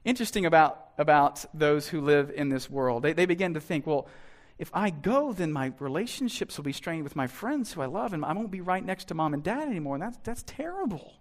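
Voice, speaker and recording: A male pastor with a high-pitched voice delivers a sermon in a church. He acts out imagined conversations, swinging from hushed asides to loud, emphatic lines. His delivery is lively and theatrical. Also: fairly quick, hardly any pauses.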